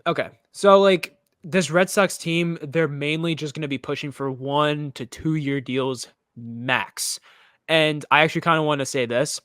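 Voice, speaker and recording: A man's voice: fairly high pitch, a little slow, fairly bright tone, smooth, dry recording, clean studio sound. A young man from the United States co-hosting a casual sports chat, opinionated and rambling, often restarting his sentences. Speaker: podcast co-host.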